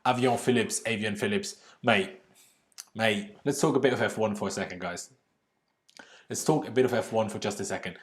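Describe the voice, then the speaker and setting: A young man hosts a casual livestream, reading viewer comments out loud and answering them in a chatty, informal way, swearing now and then. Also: on the low side. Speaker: livestream host.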